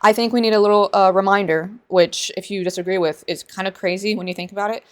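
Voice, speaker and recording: Sarcastic woman ranting in a reaction vid, medium pitch, lecturing her viewers. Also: fairly even intonation, quick pace. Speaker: commentator. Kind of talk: reaction commentary.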